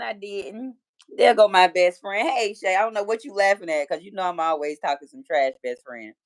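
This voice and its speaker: A woman's voice: medium pitch, normal speed. A woman in her forties with a Detroit accent, hosting a casual livestream and chatting with viewers and reading their comments, playful and full of trash talk. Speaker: livestream host.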